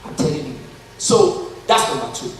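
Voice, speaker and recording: Speaking at normal speed with a fairly high pitch and lots of animation, this conference speaker with a Nigerian accent alternates between humor and sincerity as he motivates a live crowd. The microphone is distant in a big hall, so there's echo plus a slight hiss or hum.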